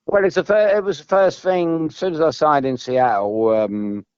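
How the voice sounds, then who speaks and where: A man's voice: a little high, normal speed, a little mellow, clean tone, no room sound, highs cut off. A man, a former footballer telling long, meandering stories as a podcast guest, restarting and repeating himself. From England. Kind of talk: rambling storytelling.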